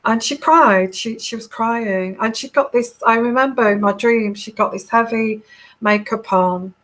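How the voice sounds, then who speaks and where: A woman from the UK who reads tarot, recounting a dream in a soft, calm voice, hesitant and full of fillers and restarts. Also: a little high, measured pace. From United Kingdom. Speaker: intuitive tarot reader. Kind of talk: casual monologue recounting a dream.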